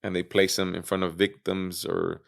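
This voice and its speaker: A low, gravelly-voiced man talking as a podcast guest. He retells events casually, full of "you know" and "I go," swearing and acting out what others said. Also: moderate pace. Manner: animated retelling with acted-out quotes, swearing, frequent fillers. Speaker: interview guest. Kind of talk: casual storytelling interview.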